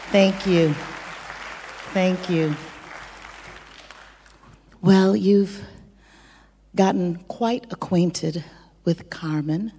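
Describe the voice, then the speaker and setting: A woman bandleader chatting with the audience between songs, drifting into soft near-whispered asides. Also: lowish voice, a little hiss or hum. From lived in France twenty-four years. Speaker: bandleader on stage. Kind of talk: stage banter between songs. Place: large concert hall with an audience. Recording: reverberant hall with a faint crowd.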